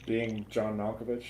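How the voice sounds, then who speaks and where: Male co-host, mid pitch, meandering talk full of "uh", echoey room, faint noise. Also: darkish tone. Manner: rambling, searches for titles with many fillers. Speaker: co-host of a film review show. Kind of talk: casual chat over drinks.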